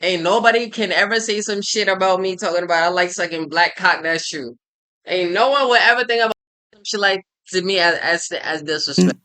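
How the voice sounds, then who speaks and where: Brief: male streamer, casual reaction talk, crisp bright tone, teasing. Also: sits high. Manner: loose, slangy, quick to mock.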